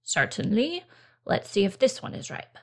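A small, friendly garden elf who talks cheerfully and helpfully, as a woman reads him aloud. The voice sits a touch lower than the reader's own, with a gravelly edge. It is a storybook reading. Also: huge pitch swings, normal speed, exaggerated voice.

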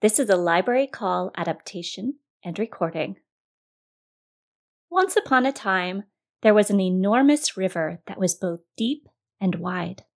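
A woman narrating a children's storybook, expressive and speaking straight to the young listener. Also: mid-range voice, a little slow, gravelly.

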